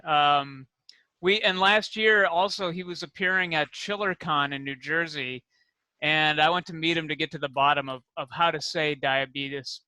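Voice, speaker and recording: Bright-voiced middle-aged male co-host. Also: on the high side, clear, resonant tone, dry recording, low-quality recording. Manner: dry, rambling anecdotes with frequent fillers. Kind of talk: casual comedic chat.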